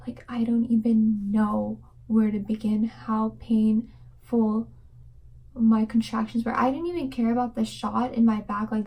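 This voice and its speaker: Young woman vlogging, kinda flat mellow voice, rambles w lots of likes and whispers bits. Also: fairly high pitch, rough recording. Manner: fast rambling with many fillers, drops to whispers. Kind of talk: casual storytelling to camera.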